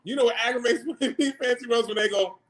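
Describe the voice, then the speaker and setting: A man, hosting a casual livestream and chatting back to viewer comments in an animated, slangy way. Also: extremely high pitch, brisk. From New York. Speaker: livestream host.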